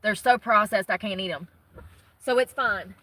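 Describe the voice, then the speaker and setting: Breathless, bright-voiced woman vlogging. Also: medium pitch, moderate pace, dry recording, low-quality recording. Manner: rambling, blunt and swearing. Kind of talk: casual chat. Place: inside a car where she lives.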